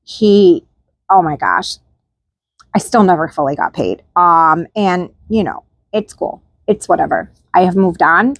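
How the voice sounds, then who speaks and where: A woman's voice: lowish voice, lively intonation, unhurried, dry recording. A woman host chatting candidly to camera, frank and informal, often tagging lines with "like" and "right?". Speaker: channel host. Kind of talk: casual chat to camera.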